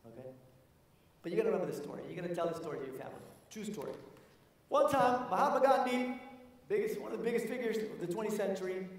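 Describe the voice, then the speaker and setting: Energetic male keynote speaker in an echoey hall. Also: sits high, fast, recorded from a distance. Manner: energetic, storytelling, addresses the audience directly. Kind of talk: motivational conference talk. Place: large conference hall.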